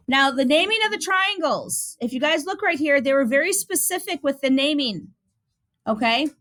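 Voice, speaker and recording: A woman's voice: high-pitched, pushed and bright. A middle-aged woman teaching a math class, casual and chatty, mixing instructions with personal stories.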